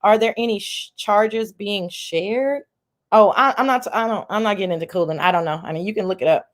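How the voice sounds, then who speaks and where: A woman hosting a livestream, giving profane, animated commentary, reading viewer messages. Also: medium pitch, brisk. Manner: animated, profane, reads chat aloud. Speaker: livestream host. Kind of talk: casual commentary chat.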